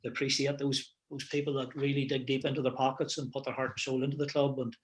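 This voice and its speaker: A middle-aged football manager reminiscing in a casual interview, rambling with plenty of "you know" and restarts. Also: male voice, mid-range voice, flat delivery, quick pace.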